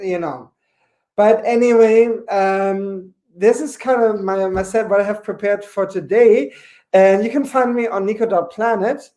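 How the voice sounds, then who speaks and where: Here the same sort of online comedy set comes from a man in his forties, campy and chatty, with frequent "you know"s. He sounds high-pitched, a little mellow, and expressive without hurrying, recorded on a home webcam mic.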